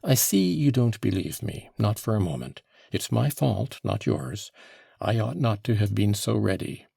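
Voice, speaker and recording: A man reading an audiobook, voicing an agitated young former soldier under questioning who turns defensive and bursts out loudly. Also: fairly low pitch, sing-song, unhurried, creaky, slightly rough, no room sound, studio quality, heavily acted. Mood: despairing. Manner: defensive, flaring into loud outbursts.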